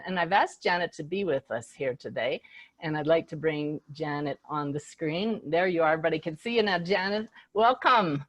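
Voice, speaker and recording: A woman's voice: low-pitched, normal speed, no room sound. A middle-aged woman hosting a live online event as a spiritual medium, telling stories with quoted dialogue and growing enthusiasm. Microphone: video call.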